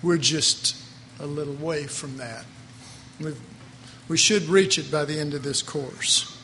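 A man's voice: on the high side, a little slow, bright, forceful tone, big-room sound, a little hiss or hum. A man preaching a Bible class in a folksy, conversational way, with chuckling asides. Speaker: Bible teacher. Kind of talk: sermon.

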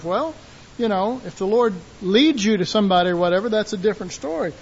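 A man preaching a sermon in a folksy, animated way, acting out quotes and shouting call-and-response lines. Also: sits high, fast talker, lo-fi sound, slight background noise.

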